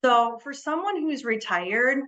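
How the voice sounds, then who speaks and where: A woman who works as a financial advisor, giving a relaxed webinar presentation, explaining with frequent ums and repeated words and leaning on the key words. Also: fairly high pitch, measured pace, rough recording. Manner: leans on key words for emphasis.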